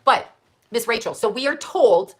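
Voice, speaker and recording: A woman's voice: on the high side, animated, normal speed, a little mellow, breathy edge. A woman hosting a stream, ranting in a rambling, profane monologue full of rhetorical questions.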